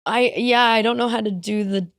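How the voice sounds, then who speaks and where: A woman from Canada, a podcast guest in casual comedy chat, laughing often in quick bursts. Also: on the high side, fairly even intonation, dry recording, clean studio sound.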